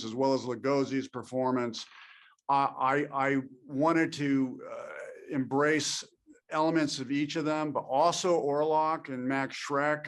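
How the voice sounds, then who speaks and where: Middle-aged man, interview guest; reflective and halting delivery. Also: mid-range voice. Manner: reflective, halting, with frequent restarts and slow emphasis. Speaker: actor being interviewed. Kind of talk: casual interview.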